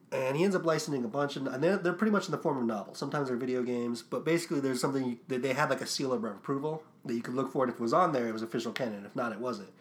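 Young male podcast co-host, loose and rambling, mid-range voice, curses freely. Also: mid-range voice. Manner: rambling, swearing, many fillers. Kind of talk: casual podcast chat.

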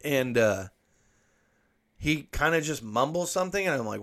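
With a slightly high voice, normal speed and long pauses, this male podcast host wanders through a profane tale in loose monologue. He reads articles aloud with personal commentary, getting lively when quoting himself.

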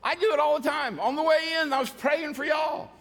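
A male pastor preaching a sermon to a church, energetic, often shouting and singing along with the congregation. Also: very high-pitched, a little fast, long reverb tail. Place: large church hall.

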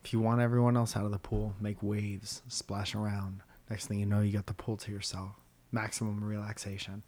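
A man's voice: on the low side, little pitch movement, fairly quick, darkish tone. A man co-hosting a podcast, chatting casually and telling rambling, self-deprecating comic stories as a stand-up comedian. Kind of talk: casual chat.

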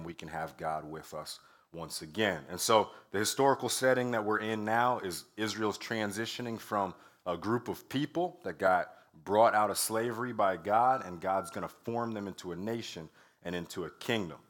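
A man with a very deep voice delivers a church sermon, relaxed and conversational, his speech dotted with "uh" and "um". His voice sounds a little strained. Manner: conversational preaching with frequent "uh" and "um" fillers. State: slightly strained voice. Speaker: pastor.

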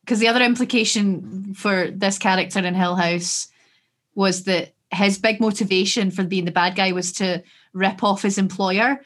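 A woman from Scotland co-hosting a podcast in casual chat, animated and sweary with quick asides. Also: medium pitch. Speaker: podcast co-host.

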